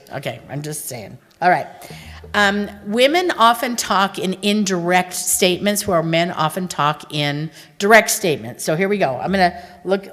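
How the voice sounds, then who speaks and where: Her voice is on the low side but fairly bright in tone. The middle-aged speaker delivers a humorous conference talk, telling stories and speaking straight to the listeners with jokes throughout. A long reverb fills the recording from the large hall.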